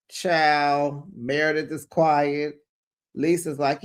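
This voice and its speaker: This is a gossipy recap host who talks slowly and takes their time. The voice sits at a medium pitch. The delivery is sassy and chatty, and the host laughs often while running through the reunion. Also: expressive. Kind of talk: casual reality-TV recap.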